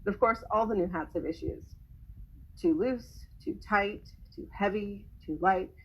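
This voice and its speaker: A woman reading a personal story aloud in a measured way, with a husky voice. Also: medium pitch, poor audio.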